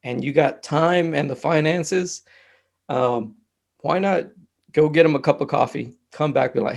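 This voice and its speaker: A man's voice: a little high, measured pace, vocal fry. A man talking in a casual conversation, easygoing and rambling, with lots of fillers.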